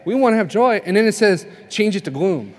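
A man's voice: high voice, expressive, fairly quick, darkish tone. A man giving a conversational sermon at a family conference, telling stories and asking the audience questions. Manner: conversational preaching, tells stories, asks the crowd "right?". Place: conference hall. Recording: long reverb of a conference hall.

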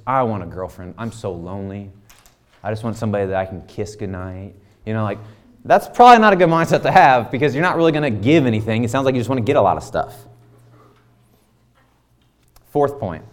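A man's voice: medium pitch, darkish tone. A man in his thirties preaching a conversational sermon full of rhetorical questions. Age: 30s. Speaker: pastor.

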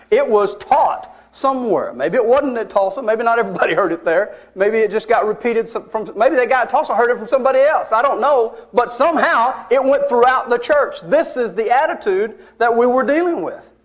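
A man preaching a sermon as a personal story, conversational and emphatic, with wry asides to his listeners. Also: sits high.

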